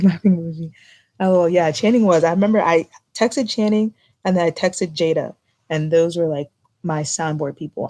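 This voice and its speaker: A woman's voice: on the low side, darkish tone. A young woman chatting casually on a live stream, filling her talk with lots of "like". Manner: chatty, filler-heavy with lots of "like". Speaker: vlogger.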